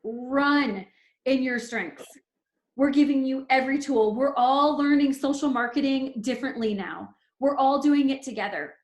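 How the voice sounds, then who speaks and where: A woman's voice: sits high, normal speed, roomy sound. A woman in her thirties leading a team call, giving an emphatic, fervent motivational pep talk. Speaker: team leader.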